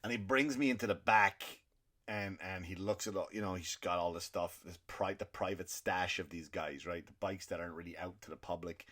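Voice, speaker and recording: A man's voice: deep voice, a little fast, a bit bright. A male comedian hosting his podcast, telling a rambling, profane story with indignant asides.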